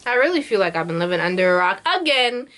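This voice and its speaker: A woman's voice: mid-range voice, lively intonation, quick pace, over music. A young woman in her twenties chatting casually in a reaction vlog, bubbly and full of slang, laughing often. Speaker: YouTube reaction vlogger.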